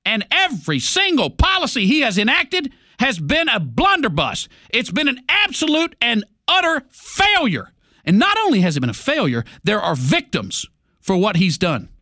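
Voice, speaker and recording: Male radio host, combative ranter, high pitch, dry close sound. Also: huge pitch swings, moderate pace, sharp tone, dry recording. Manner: angry, sarcastic, combative. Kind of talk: political rant.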